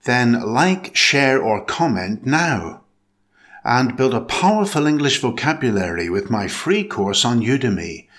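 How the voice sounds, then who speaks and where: Male English teacher voice for a pronunciation video, slow and bright, measured scripted delivery. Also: medium pitch, big pitch swings. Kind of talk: scripted instructional narration.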